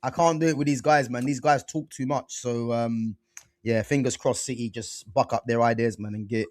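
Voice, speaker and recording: A man hosting a casual football chat show, animated and slangy, full of fillers and restarts. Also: mid-range voice, moderate pace, no room sound, clean studio sound. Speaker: football podcast host.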